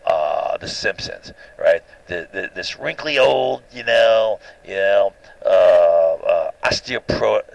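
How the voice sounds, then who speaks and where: A man giving an informal recorded lecture, animated and opinionated, constantly checking in with "right?". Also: sits low, creaky, no echo, poor audio.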